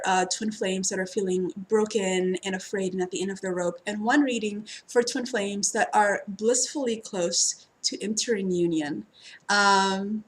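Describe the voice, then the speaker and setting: A woman chatting casually and ramblingly as a twin flame tarot reader, with lots of fillers and frequent laughter. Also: medium pitch. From United States. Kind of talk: casual spiritual reading introduction.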